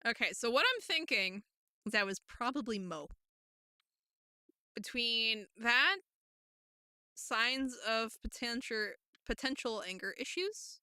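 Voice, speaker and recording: Giggly woman streamer with a high voice. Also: lively intonation, slow pace, long pauses, pushed and bright, clean tone, no echo, clean studio sound. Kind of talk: casual game commentary.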